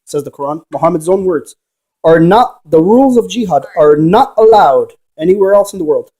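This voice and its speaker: A man's voice: sits high, lively intonation, moderate pace, mellow. A man who investigates ghosts, giving a rambling, preachy monologue and arguing with the viewer through rhetorical questions. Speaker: paranormal investigator.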